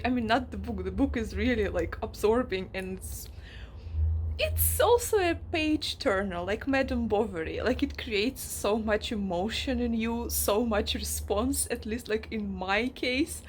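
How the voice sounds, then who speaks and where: A woman chatting casually in a reading vlog, emotional and animated as she talks about a book. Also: a little high, a little slow, slight background noise. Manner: emotional, animated, acts out characters in quoted asides. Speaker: book vlogger.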